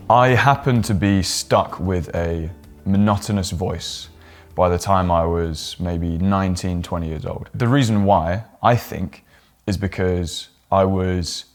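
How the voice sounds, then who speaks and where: A young man with a fairly low voice coaches his viewers straight to camera. He talks in a casual, friendly teaching way and now and then slips into broad, swooping demonstrations of his own intonation. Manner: demonstrates exaggerated pitch swings and rising or falling inflection. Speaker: presentation coach. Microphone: talking straight to camera.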